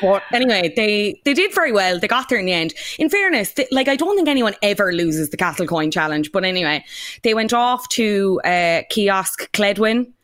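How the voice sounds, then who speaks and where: A woman hosting a podcast, recapping in a brisk, teasing way with plenty of asides. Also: medium pitch, expressive, fairly bright tone. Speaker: podcast host. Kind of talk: casual recap chat.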